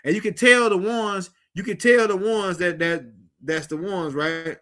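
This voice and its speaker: Middle-aged male streamer, high and bright, loose slangy rambling to viewers. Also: unhurried. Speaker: livestream host. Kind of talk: casual livestream talk.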